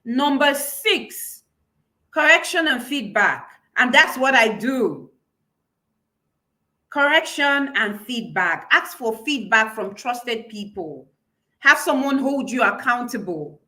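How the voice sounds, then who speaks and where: A woman's voice: on the high side, expressive, takes it slowly, bright, forceful tone. Emphatic woman public speaking coach. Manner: emphatic, repeats key phrases, laughs between points. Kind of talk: live-streamed class.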